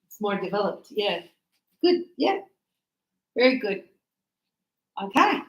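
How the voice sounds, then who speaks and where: A woman teaching English grammar to a class, stretching out words slowly and checking in with "yes?" and "right?". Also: medium pitch, big pitch swings, fairly bright tone, reverberant, low-quality recording. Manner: encouraging, checks understanding with tag questions; slow, drawn-out words for teaching.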